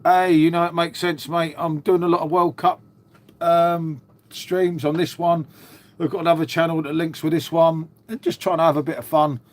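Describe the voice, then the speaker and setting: A middle-aged man hosts a livestream, chatting casually and answering viewers, whom he calls mate. His voice sits a little high, with a level tone and moderate pace. He's chatty and matey, dropping "mate" and "um" throughout.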